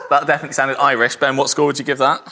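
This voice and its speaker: A man's voice: medium pitch, brisk. A man co-hosting a podcast, playfully running a game and keeping score. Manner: playful, lively quizmaster. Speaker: co-host. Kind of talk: casual podcast chat.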